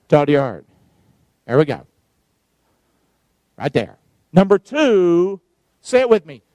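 High-voiced preaching pastor, dry sound. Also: male voice, a little mellow, no echo. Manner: emphatic preaching with call-and-response. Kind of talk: sermon.

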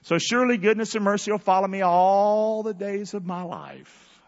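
A man's voice: sits high, sing-song, normal speed, highs cut off. Fiery preaching man in a big hall. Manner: fiery call-and-response preaching, shifting from hushed to shouting. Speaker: pastor. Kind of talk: sermon. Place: large church hall.

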